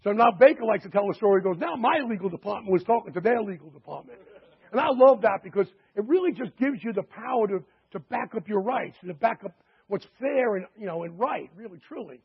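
A man pitching a membership through chatty anecdotes full of quoted dialogue and fillers, in a dull lo-fi recording. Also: animated, a little fast, breathy edge. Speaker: sales presenter. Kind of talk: sales pitch storytelling.

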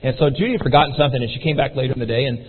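A man telling his story to an audience in an animated way, acting out the voices of the people in it. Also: medium pitch, rapid-fire, husky. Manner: animated, acts out quoted voices. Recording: tinny phone-like sound in a reverberant hall.

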